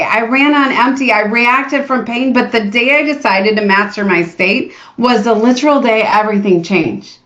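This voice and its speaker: A woman coach leads a live motivational workshop, coaxing her audience to join in with plenty of energy. Her voice sits a little high. The sound carries the echo of the room and a dull, lo-fi quality. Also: fairly bright tone.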